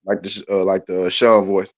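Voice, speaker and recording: A man from Memphis joining a podcast chat, throwing in quick, giggly asides. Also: sits low, flat delivery, no room sound, muffled recording. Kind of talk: casual chat.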